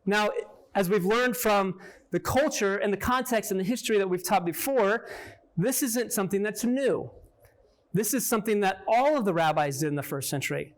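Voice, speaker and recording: At a normal speed, a high-voiced man runs a Bible study for a small group in a relaxed, two-way manner. He frequently pauses to ask his listeners questions and punctuates his points with "right?"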